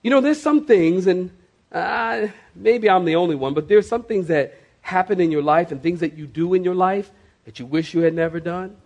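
A male pastor, preaching a sermon to his congregation with emphatic, slowly stressed words. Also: high voice, darkish tone. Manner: emphatic, dramatic slow stresses, addresses the congregation. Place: church before a congregation.

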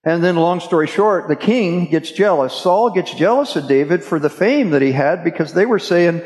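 A man's voice: on the high side, lively intonation, moderate pace, darkish tone. Man preaching in an echoey hall. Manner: casual storytelling, addresses listeners as guys. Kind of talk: sermon.

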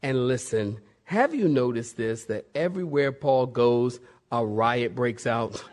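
A male pastor preaching a sermon in a lively, playful way, acting out bits of the story. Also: mid-range voice, slow. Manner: animated, playful, acts out voices.

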